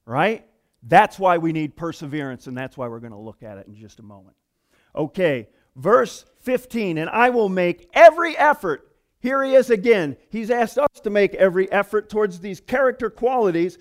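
A man preaching a sermon to his congregation in an animated, conversational way, with emphatic asides. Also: high voice, normal speed. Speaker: pastor.

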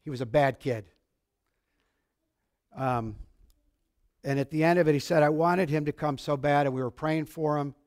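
Male preacher, high voice, excitable, loud-to-soft sermon delivery. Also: normal speed, pauses often, clean tone. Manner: excitable, shouts then drops to quiet. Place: church sanctuary.

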